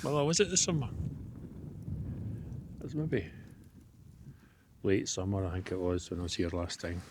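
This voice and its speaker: A man's voice: deep voice, big pitch swings, normal speed, a little hiss or hum. A Scottish man vlogging casually from an outdoor forest campsite, thinking aloud in an easygoing, rambling way. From Scotland. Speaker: camping vlogger. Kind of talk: casual solo vlog chat.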